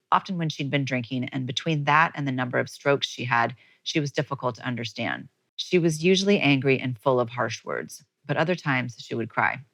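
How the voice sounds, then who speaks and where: A woman's voice: very deep voice, gravelly, a bit bright, dry recording, poor audio. A woman podcast host telling a heartfelt personal story in a storytelling monologue, emotional at moments.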